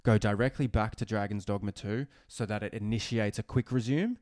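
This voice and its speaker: A man co-hosting a casual gaming podcast, animated and ranting, swearing and restarting sentences. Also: lowish voice, brisk, no room sound, studio quality. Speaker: podcast co-host.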